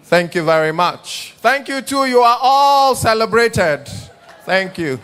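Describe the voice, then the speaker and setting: Slow, bright-voiced male emcee. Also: high-pitched, big pitch swings, clear, resonant tone. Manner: formal, announcing and calling for applause. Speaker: master of ceremonies. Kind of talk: event hosting.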